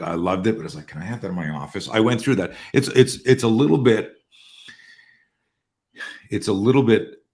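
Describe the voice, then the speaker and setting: A man in his sixties with a very low, deep voice tells stories as a podcast guest. His manner is casual, animated and full of swearing. He often doubles back and restarts his phrases. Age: 60s. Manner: profane, animated storyteller with many restarts. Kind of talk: casual storytelling.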